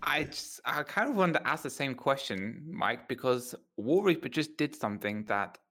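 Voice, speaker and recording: A man's voice: mid-range voice, animated, normal speed, a bit bright. A British man co-hosting a podcast, joking around and laughing easily in casual chat. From United Kingdom. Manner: giggly, joking.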